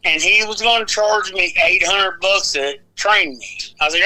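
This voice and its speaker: A man in his forties, rambling through old wrestling stories with plenty of swearing and laughter. His voice sits high and very bright. The delivery is loose and conversational. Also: brisk, hardly any pauses, low-quality recording. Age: 40s. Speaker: wrestling podcast co-host. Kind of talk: casual storytelling chat.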